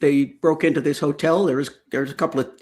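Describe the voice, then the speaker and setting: A man co-hosting a casual political chat, speaking haltingly and explaining terms. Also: a little high, steady tone, a little mellow.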